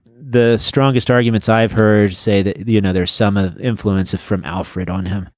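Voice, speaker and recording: Man, low voice, rambling podcast co-host, dry close mic. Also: steady tone, a little slow, a little mellow, no echo. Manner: rambling, searches for names mid-sentence. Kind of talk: casual chat.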